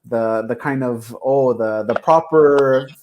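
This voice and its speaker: A man's voice: medium pitch, takes it slowly, a little mellow, a little hiss or hum. A man co-hosting a podcast in casual chat, making emphatic points in long thoughtful turns. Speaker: podcast co-host.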